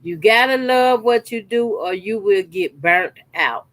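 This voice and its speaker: A woman's voice: mid-range voice, animated, measured pace, a bit bright, no echo. A woman, chatting casually to her viewers while she cuts fabric scraps for a quilt, emphatic and repetitive. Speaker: sewing channel host. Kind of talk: casual chat while sewing. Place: her sewing corner at home.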